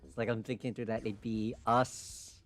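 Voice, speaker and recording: A man co-streaming a story game in casual chat, jokey and quick to swear, stammering when he gets excited. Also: mid-range voice, faint music behind.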